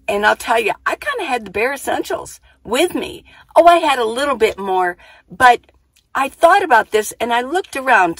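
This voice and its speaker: A woman's voice: a little high, fairly bright tone, dry recording. A woman vlogging about living full time in her minivan, chatting to the camera in a casual way, repeating herself and thinking aloud as she goes. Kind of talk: casual vlog talk to camera. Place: outdoors then inside a minivan.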